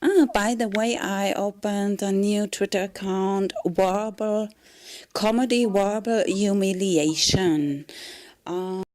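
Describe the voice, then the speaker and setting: A woman giving a rambling comedic monologue in a halting way, often dropping into a whisper and breaking into giggles. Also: medium pitch, steady tone, darkish tone. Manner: slow, halting delivery that drifts into whispers. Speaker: vlogger.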